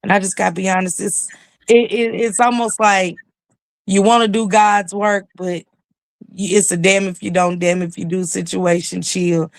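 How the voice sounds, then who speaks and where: Woman, gravelly, dry close sound, emphatic livestream commentary. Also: mid-range voice, steady tone, moderate pace, no room sound. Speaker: YouTube news commentator. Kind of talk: casual livestream chat.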